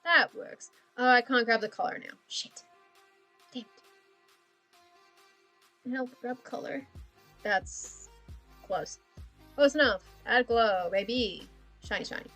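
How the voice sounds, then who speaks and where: A woman with a fairly high voice talks to her stream as she draws, wandering from thought to thought. She swears easily, laughs at herself and pokes fun at her own laziness. Faint music plays under her voice. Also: slow, long pauses, bright, forceful tone. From Australia. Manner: rambling, self-deprecating, laughs often, swears casually. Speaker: livestreaming artist. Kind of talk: casual chat while drawing on stream.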